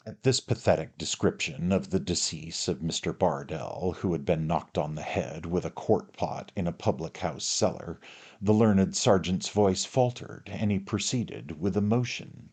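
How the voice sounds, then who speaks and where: A man narrating a classic novel in a measured, formal reading. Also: deep voice, a little mellow, husky. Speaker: audiobook narrator.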